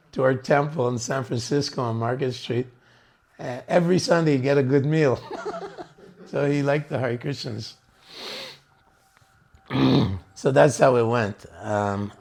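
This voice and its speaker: Older male storyteller, gravelly tone, mid pitch, rambling casual delivery with frequent laughs. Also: darkish tone. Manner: rambling, laughing often, acting out quotes. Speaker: devotional speaker recounting memories.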